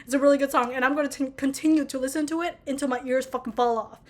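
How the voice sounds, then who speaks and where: A young woman vlogging in a casual, excitable rant, gushing and swearing freely. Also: sits high, racing.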